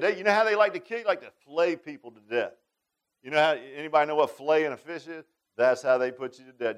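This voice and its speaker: A man's voice: sits high, a bit bright. A man teaching a Bible study class in a casual, folksy sermon style, often asking his listeners questions.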